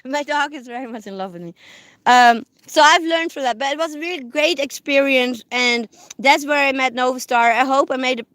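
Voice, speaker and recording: A woman chatting on a live stream from her parked car, rambling with many fillers and restarts, and softly cooing to her dogs. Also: sits high, moderate pace, no echo. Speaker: livestreamer. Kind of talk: casual live-stream chat. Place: parked car on public land.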